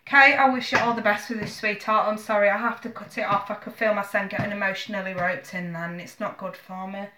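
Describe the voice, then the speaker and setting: A woman's voice: medium pitch, fairly even intonation, a little fast, roomy sound, background noise. A woman giving a live tarot reading from home, speaking earnestly and emotionally to a viewer. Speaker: tarot reader.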